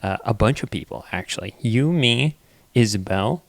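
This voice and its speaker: A young man co-hosting a podcast in casual chat, telling stories in an animated way. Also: medium pitch, moderate pace, vocal fry, dry recording. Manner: animated storytelling with big quoted voices. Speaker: podcast co-host.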